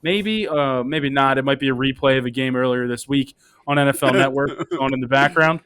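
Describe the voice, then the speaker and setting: A man's voice: mid-range voice, brisk, fairly bright tone, clear, resonant tone. A man hosting a casual sports betting podcast, moving the talk along and reading out betting odds. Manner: leads the segments, reads out betting lines. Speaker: podcast host.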